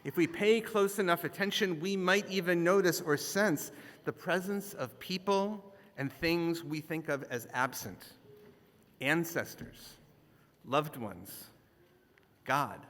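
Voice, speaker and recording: A man's voice: on the high side, slow, a bit bright. A man, a rabbi, giving a conversational sermon with jokey asides to the audience in a temple sanctuary. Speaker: rabbi, guest scholar. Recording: long echoing reverb of a large hall.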